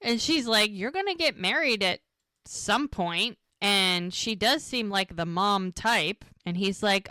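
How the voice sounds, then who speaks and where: A woman's voice: mid-range voice, expressive, sharp tone, dry recording. Woman, podcast co-host, casual recap, acts out quotes, dry close sound. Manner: retells scenes, acting out the lines in quick quotes.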